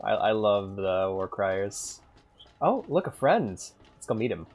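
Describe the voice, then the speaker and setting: Brief: animated streamer with a lively, swinging pitch, playing casual and profane. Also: measured pace. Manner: excited, swearing, laughing often. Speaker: game streamer. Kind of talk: casual gameplay commentary.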